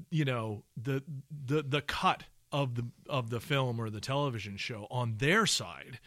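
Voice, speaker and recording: A man's voice: medium pitch, a bit bright, dry recording, studio quality. A man co-hosting a podcast, talking casually about voice work, rambling with many restarts and asides. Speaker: podcast co-host, audio professional.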